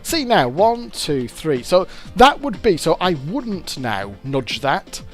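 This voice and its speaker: A British man talks through a fruit machine game in a loose, chatty way, wandering between explanations as he plays. His voice sits a little high for a man and swings up and down a lot, with faint machine music behind him. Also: very animated, slow pace. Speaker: fruit machine gameplay commentator. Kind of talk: casual gameplay commentary.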